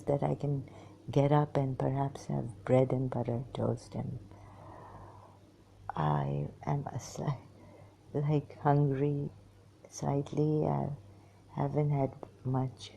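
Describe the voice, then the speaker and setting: An exhausted woman talking into a hand-held phone in a halting, hesitant way, often slipping into whispers. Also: deep voice, vocal fry, warm tone, a little hiss or hum. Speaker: vlogger. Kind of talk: personal monologue to camera.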